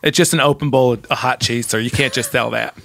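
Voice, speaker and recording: A man's voice: mid-range voice, steady tone, quick pace, vocal fry, a bit bright, slight background noise. A man in an improv comedy scene, playing a flustered worker who pleads. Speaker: improv performer.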